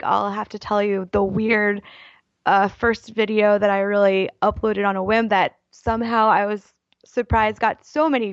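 A woman chats casually as a podcast guest, telling quick, self-deprecating stories. Her voice has a gravelly fry. The recording is dry and a little dull. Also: mid-range voice, no echo. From Baltimore area. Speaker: podcast guest, writer and YouTuber. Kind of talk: casual interview chat.

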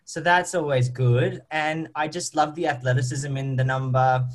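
A man's voice: fairly high pitch, fairly even intonation, moderate pace. An Australian man, a stage actor, answering interview questions in an upbeat, chatty way, with plenty of ums and you-knows.

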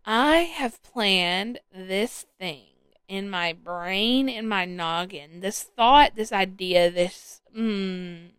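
Slow, rambling woman podcast host. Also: mid-range voice, fairly bright tone, clear, resonant tone, no echo. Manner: rambling with many ums and restarts. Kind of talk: casual solo podcast chat. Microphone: headphones with a podcast mic.

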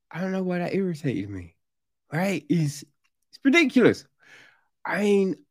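Slow rambling man reviewing a show. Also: fairly high pitch, dry recording, studio quality. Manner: rambling, with many fillers and restarts; grows exasperated and loud when ranting. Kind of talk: casual spoken review.

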